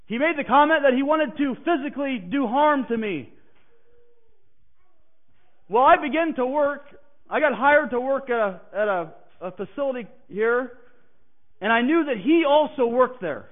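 A man preaching a personal testimony who swings from hushed, halting passages to emphatic declarations. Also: extremely high pitch, expressive. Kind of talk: sermon testimony. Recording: tinny phone-like sound.

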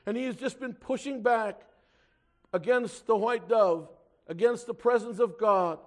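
Preaching to his church in a high voice, this man swells loud and slow on important words. When he reads scripture in archaic wording, he drops to a quiet tone.

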